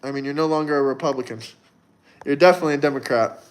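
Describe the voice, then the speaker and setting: A twenty-something man hosts a livestream, addressing chat in a brash, mocking, provocative style. His voice sits at a medium pitch and he talks at a racing pace.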